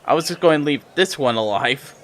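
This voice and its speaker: A man's voice: a little high, expressive, fairly quick, a bit bright. A man playing a tabletop game, eagerly describing what his character does. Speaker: player.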